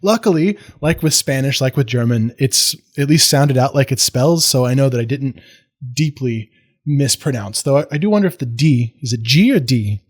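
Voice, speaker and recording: American man, history lecture, casual and digressive, self-deprecating asides, medium pitch. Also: expressive, normal speed. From United States.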